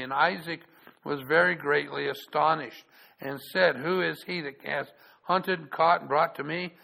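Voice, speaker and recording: A man's voice: on the high side, vocal fry, a bit bright, rough recording. A male pastor giving a sermon, stopping and repeating words as he talks and reading scripture aloud in a raised voice.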